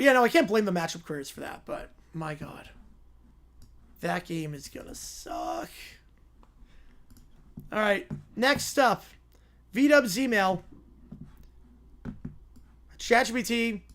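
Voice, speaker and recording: A man hosting a sports livestream, chatting casually with quick, offhand asides. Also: high-pitched, animated, fairly bright tone. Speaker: livestream host.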